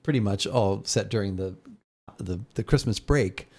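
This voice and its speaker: A man co-hosting a podcast in casual chat, relaxed and agreeable, hesitating with fillers as he talks. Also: on the low side, moderate pace. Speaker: podcast co-host.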